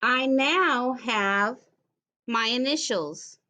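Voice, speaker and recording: A woman teaching a phonics lesson to young children, speaking slowly and carefully and repeating words for them to hear. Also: a little high, sharp tone. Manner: slow, careful, encouraging, repeats words clearly.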